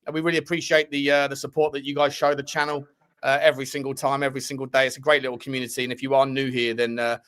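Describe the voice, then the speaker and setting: A man's voice: medium pitch, little pitch movement, racing. A man co-hosting a casual football livestream, bantering and thanking viewers for super chats. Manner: chatty, banter, shout-outs to viewers. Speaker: co-host.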